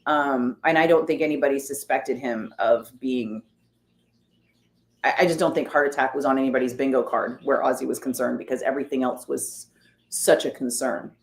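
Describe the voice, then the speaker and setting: Low-voiced woman, dry and sarcastic. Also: fairly even intonation, moderate pace. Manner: wry, sarcastic asides. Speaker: streamer reading chat. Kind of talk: casual chat. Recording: roomy echo.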